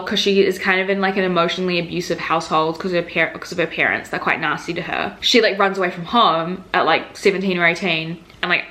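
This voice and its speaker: A young woman in her twenties chatting casually as a book vlogger, full of "like" fillers and animated mock quotes. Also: lowish voice.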